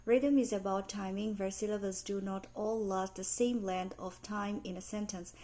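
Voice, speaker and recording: A young adult woman reading out a class presentation on teaching pronunciation, careful and measured, with small grammar slips. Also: mid-range voice, fairly even intonation, mellow. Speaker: student presenter. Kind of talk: read academic class presentation.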